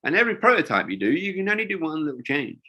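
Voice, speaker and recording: A man's voice: on the high side, big pitch swings, very fast, bright, forceful tone. An older man, a wingsuit designer, telling rambling stories in a casual interview, with lots of fillers and restarts.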